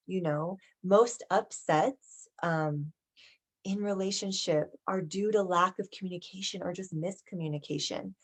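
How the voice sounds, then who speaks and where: Chatty woman teaching, low voice. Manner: conversational, frequent "right?" and "okay?" check-ins. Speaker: somatic embodiment teacher. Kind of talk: casual teaching monologue.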